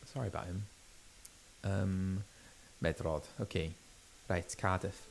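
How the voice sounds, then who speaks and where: A male voice actor chatting casually while streaming a game, animated and chatty, often stopping and restarting mid-sentence. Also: deep voice, takes it slowly, gravelly. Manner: chatty, animated, self-interrupting. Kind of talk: casual gameplay chat.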